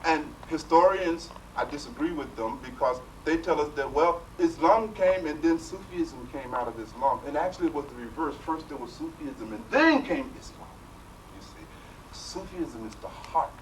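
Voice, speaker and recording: A man's voice: on the high side, normal speed. A man leading a spiritual workshop, telling stories animatedly and tossing in rhetorical questions, recorded from a distant mic in a noisy room. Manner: animated storytelling with rhetorical "right?". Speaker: spiritual teacher.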